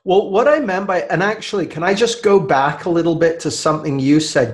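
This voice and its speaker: Thoughtful, measured man being interviewed. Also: a little high. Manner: thoughtful, measured, trailing off softly. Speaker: author and guest. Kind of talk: reflective interview talk.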